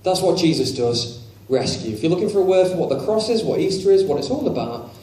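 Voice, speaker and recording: A man's voice: on the high side, sing-song, quick pace, dark tone, breathy edge. A man preaching a sermon in a conversational, candid way, leaning into emphatic rhetorical questions.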